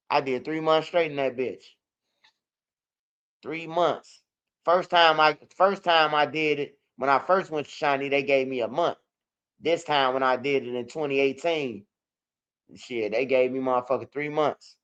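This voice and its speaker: A man's voice: fairly high pitch, measured pace, a bit bright, clean tone. A man with a Chicago accent telling rambling, profane stories in a casual livestream, with many restarts. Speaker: livestream host. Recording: dull lo-fi stream audio.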